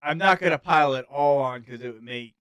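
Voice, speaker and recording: A man's voice: mid-range voice, a little fast, fairly bright tone, smooth. A man running a tabletop game as game master, casual and laid-back with many ums. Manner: laid-back, lots of ums, frequent laughs.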